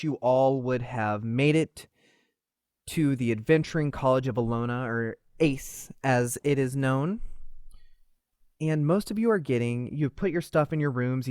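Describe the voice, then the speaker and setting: A man's voice: medium pitch, no room sound. Male GM, easygoing descriptive narration, dry close recording. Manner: relaxed, descriptive storytelling. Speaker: game master. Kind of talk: narrating a tabletop game.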